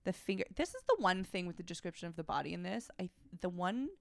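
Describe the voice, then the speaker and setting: Low, gravelly woman reading aloud. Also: expressive, fast, no echo. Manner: breaks off from reading to make frank, wry asides. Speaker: podcast co-host. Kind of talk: reading fiction aloud with commentary.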